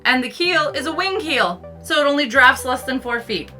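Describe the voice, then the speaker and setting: A woman hosting a vlog, giving an excited, giggly tour of a small sailboat she is aboard. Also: sits high, moderate pace, faint music behind. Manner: excited, giggly, with frequent laughs. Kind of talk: casual tour walkthrough.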